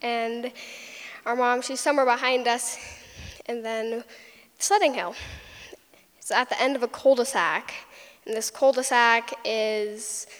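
A woman's voice: fairly high pitch, unhurried, pauses often, a bit bright. A young woman telling a personal story, retelling it vividly with little sound effects. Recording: long hall reverb.

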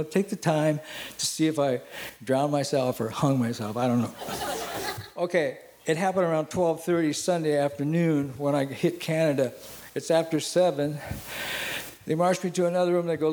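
A man with a slightly high-pitched voice tells a personal story with lively energy. He acts out the back-and-forth dialogue and pokes fun at himself, with faint noise underneath. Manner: animated, acts out dialogue, self-mocking.

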